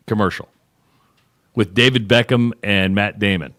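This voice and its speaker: A man's voice: medium pitch, expressive, unhurried, fairly bright tone. A man co-hosting a sports radio show, chatting casually and retelling stories with lots of restarts. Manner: rambling storyteller, retells ads with quoted voices.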